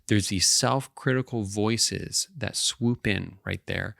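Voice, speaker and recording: A man's voice: lowish voice, takes it slowly, vocal fry, a bit bright, no room sound, clean studio sound. A male counselor giving an educational talk to camera, explaining step by step and often checking in with the listener.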